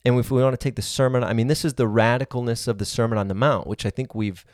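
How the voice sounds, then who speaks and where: A man's voice: mid-range voice, fairly even intonation, fast talker, dry recording, clean studio sound. A man giving a sermon-style teaching, earnest and reasoning aloud, building his points in long spoken lists.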